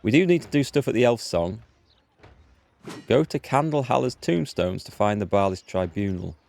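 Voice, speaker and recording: A man's voice: lowish voice, lively intonation, normal speed, vocal fry, a little mellow, slight background noise. A man streaming a game live from indoors at home, chatting in an upbeat way and thinking aloud as he plays. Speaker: gaming streamer.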